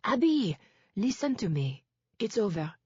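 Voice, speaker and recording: A woman's voice: mid-range voice, sing-song, a little slow, darkish tone, breathy edge, no room sound, voice pushed up, full character voice. A woman voicing a male defense lawyer who presses his client in an urgent, pleading way, recorded dull and dry.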